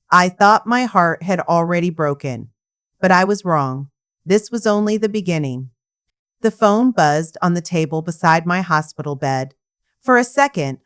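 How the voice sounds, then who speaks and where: A woman's voice: lowish voice, clean tone. Woman narrating a dramatic story. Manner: emotional, dramatic reading. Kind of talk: scripted first-person story narration.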